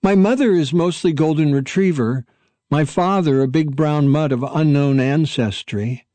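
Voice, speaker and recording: A man's voice: on the high side, measured pace, dark tone, no echo, voice pushed up, close to an everyday voice. A man voicing a young male dog who is nervous and eager to please, speaking politely and carefully.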